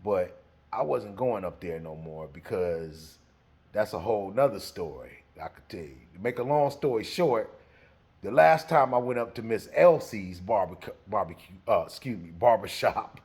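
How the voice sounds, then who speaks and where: A man telling a story in a casual way, animated and laughing as he acts out the scene. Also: on the low side, normal speed, breathy edge.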